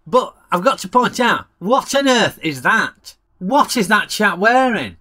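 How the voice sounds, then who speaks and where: A man's voice: on the high side, pushed and bright. A man reviewing a film in a chatty, jokey way, using broad dialect. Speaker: film reviewer, channel host.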